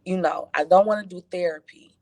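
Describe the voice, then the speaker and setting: A woman from Chicago, a life coach, telling her story as an interview guest, lively and emotional as she acts out the voices of others. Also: lowish voice, brisk, dry recording. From west side of Chicago. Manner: animated, emotional storytelling with acted quotes.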